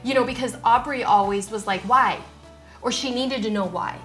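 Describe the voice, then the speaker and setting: Lively middle-aged woman co-host. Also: fairly high pitch, a little fast, faint music behind. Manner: lively, reactive, with frequent short affirmations. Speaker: podcast co-host. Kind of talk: casual chat.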